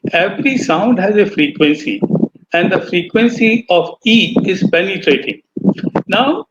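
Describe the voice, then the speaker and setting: A middle-aged man asks a question on a call, speaking slowly and deliberately. His voice is high for a man, and clear noise runs underneath it. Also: dull audio. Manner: slow, deliberate. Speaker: audience member asking a question. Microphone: video call. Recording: noisy call line.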